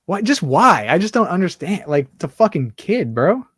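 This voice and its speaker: A man's voice: high-pitched, very animated, moderate pace, a bit bright, breathy edge, no echo, studio quality. A man co-hosting a podcast in casual chat, blunt, cracking crude jokes and swearing freely. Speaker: podcast co-host.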